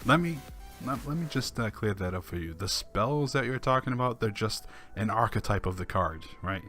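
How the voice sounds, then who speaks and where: A man with a fairly low voice reads forum posts out loud, then answers them with dry, sarcastic remarks. He chuckles now and then between the quotes. Soft background music runs underneath. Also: expressive, moderate pace. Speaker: online commentator. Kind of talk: reading forum posts aloud with sarcastic commentary.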